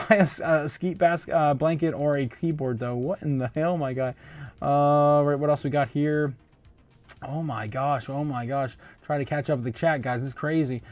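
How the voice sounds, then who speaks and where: A man with a slightly high voice hosts a casual crypto livestream, reading viewer comments aloud. He laughs often and stumbles through restarts and filler sounds. There's no room sound on the recording.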